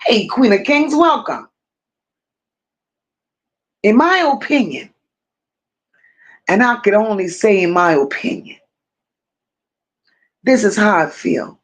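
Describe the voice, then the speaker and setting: A woman hosting a live stream, reading viewer comments aloud and answering them, who talks slowly, repeats phrases for emphasis and speaks to her viewers like close friends. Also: mid-range voice, very animated.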